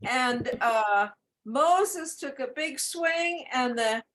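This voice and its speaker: A woman's voice: high voice, lively intonation, extremely slow, a bit bright, a little hiss or hum, poor audio. A woman on a video call telling a joke hesitantly, stopping to correct herself. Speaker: participant in a group video call. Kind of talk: casual chat, telling a joke.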